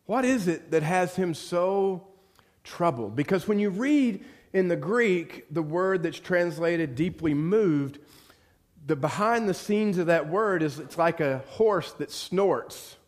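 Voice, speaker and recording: Guy preaching a sermon, kinda high voice, goes soft then gets real fired up. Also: animated, slow pace. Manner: storytelling preaching that swings from hushed to loud and fervent. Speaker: pastor.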